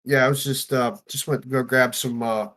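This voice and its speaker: A man co-hosting a casual chat, talking in a halting way with many fillers. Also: mid-range voice, fairly even intonation, fairly bright tone, a little hiss or hum. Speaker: podcast co-host.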